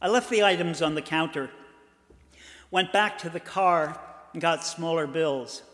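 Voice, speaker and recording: An older man from Boston telling a personal story in a measured way, with dramatic pauses. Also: a little high, fairly bright tone. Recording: long hall reverb.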